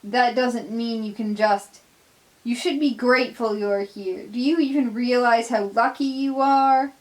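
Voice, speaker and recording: Brief: woman as a fed-up male engine driver, scolding, measured pace. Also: fairly high pitch, fairly even intonation, close to an everyday voice. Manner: scolding, exasperated.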